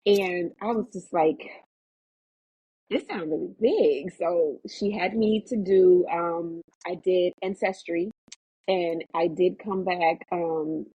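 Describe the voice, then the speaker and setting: A woman tells her story as an interview guest, animated and quick to act out the voices of others. Her voice is low and husky. It comes over a tinny, phone-like remote line with a dry sound. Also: no echo. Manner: animated storyteller, acts out quotes in a higher voice. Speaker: actress, podcast guest.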